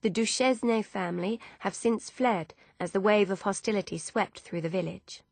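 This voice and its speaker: A woman narrating an audiobook in a steady, measured storytelling manner. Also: medium pitch, creaky, dry recording. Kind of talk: scripted narration.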